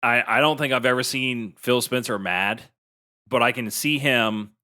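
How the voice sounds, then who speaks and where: A man's voice: medium pitch, moderate pace, pushed and bright. A man co-hosting a gaming podcast, talking in a chatty, emphatic way with many restarts. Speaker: podcast co-host. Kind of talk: casual chat.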